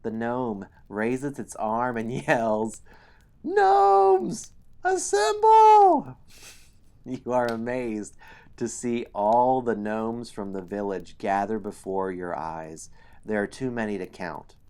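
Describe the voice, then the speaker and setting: A man hosting a solo tabletop game stream, narrating the story slowly and explaining the game sheets. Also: on the low side, steady tone, darkish tone, smooth.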